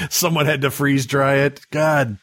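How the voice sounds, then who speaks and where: A man co-hosting a podcast in casual chat, joking quickly and laughing easily. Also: medium pitch, a bit bright. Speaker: podcast co-host.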